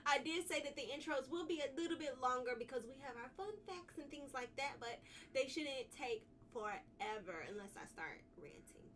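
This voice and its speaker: A woman's voice: high-pitched, lively intonation, moderate pace, a bit bright, distant mic. A woman live-streaming a video game, chatting casually and bubbly, repeating her phrases as she greets viewers. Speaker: livestreamer.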